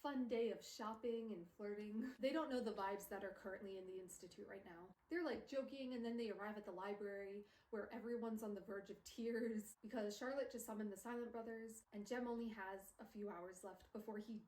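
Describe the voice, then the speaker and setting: A woman's voice: mid-range voice, brisk, few pauses, a little mellow, reverberant, low-quality recording. A woman streamer recapping a book in casual chat, gushing and emotional, peppering her talk with "like", recorded on a phone. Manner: gushing, emotional, filler-heavy with "like". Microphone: phone camera.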